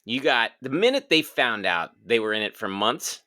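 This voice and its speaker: A man's voice: mid-range voice, sing-song, moderate pace, sharp tone. A man co-hosting a casual sports podcast, cracking jokes in a laid-back way. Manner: wisecracking, laid-back joker. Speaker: podcast co-host. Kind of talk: casual chat.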